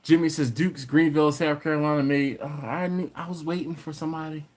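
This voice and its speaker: A man, his voice sitting a touch high, hosts a relaxed late-night livestream. He reads out viewer comments and teases the chat in a loose, playful way. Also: brisk. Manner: playful, teasing, banters with chat. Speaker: livestream host. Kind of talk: casual live chat reading comments.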